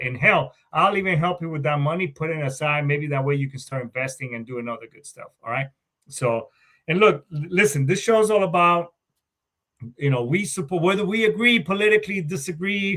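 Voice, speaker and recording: A man's voice: on the high side, pushed and bright. A man who is a Marine veteran, hosting a podcast in a loose, rambling, joking way with plenty of swearing. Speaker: podcast host. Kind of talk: casual podcast chat.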